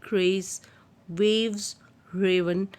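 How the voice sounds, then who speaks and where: A woman's voice: medium pitch, fairly even intonation, very slow, darkish tone. A woman giving a recorded literature lecture on a poem, explaining step by step and repeating key terms with occasional "uh" fillers.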